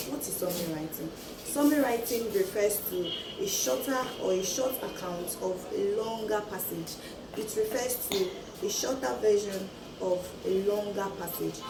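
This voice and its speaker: A woman teacher walks students through a lesson, counting off her points one by one in a steady, measured voice. She sounds a little far from the mic in an echoey room, with steady noise behind her. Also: medium pitch. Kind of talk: classroom lesson.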